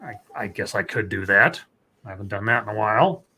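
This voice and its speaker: A man's voice: lowish voice, brisk, bright, forceful tone, a little hiss or hum. A man co-hosting a live stream, reading viewer messages aloud and chatting in a rambling way with many restarts. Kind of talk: casual live-stream chat.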